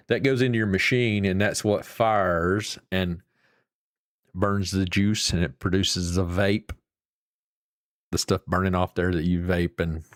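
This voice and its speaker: A man's voice: sits low, dry recording, studio quality. A man with an Appalachian accent hosting a live stream and chatting casually with viewers in a folksy, rambling, salty way. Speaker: livestream host.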